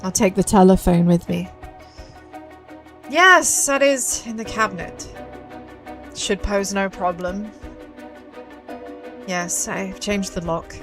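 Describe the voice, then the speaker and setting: A woman's voice: mid-range voice, takes it slowly, pauses often, a bit bright, soft background music, voice pushed down. A woman voicing a cold, scheming businessman who speaks in curt, matter-of-fact phrases on the phone, reading game dialogue aloud.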